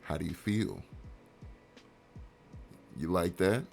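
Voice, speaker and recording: A man voicing a snide, sarcastic female character in a life-sim game, with a low, creaky voice. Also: lively intonation, slow pace, faint music behind, heavily acted.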